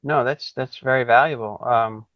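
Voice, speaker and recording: A man hosting an interview podcast, speaking enthusiastically and affirmingly, thinking out loud as he goes. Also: mid-range voice, steady tone, normal speed, no room sound. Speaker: podcast host. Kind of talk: conversational interview. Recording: dry, dull lo-fi sound.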